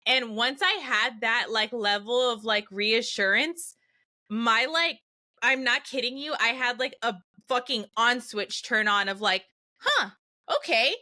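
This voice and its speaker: Bright-voiced woman, animated podcast co-host. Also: on the high side, measured pace. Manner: enthusiastic, swears freely. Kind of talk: casual chat.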